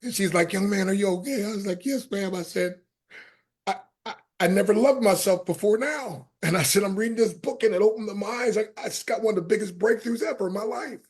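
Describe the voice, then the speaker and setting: A middle-aged man with a husky, somewhat high voice tells stories as a guest in an interview. He talks in a lively, animated way and acts out the people he quotes. His loudness swings from soft asides to near shouts. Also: a little fast. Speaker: podcast guest, motivational speaker. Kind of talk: storytelling interview talk.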